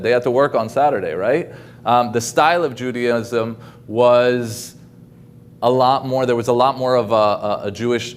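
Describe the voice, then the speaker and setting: A man gives a casual talk as a guest speaker on a video call, often saying um and starting over in this informal lecture. His pitch is fairly low, with slight background noise.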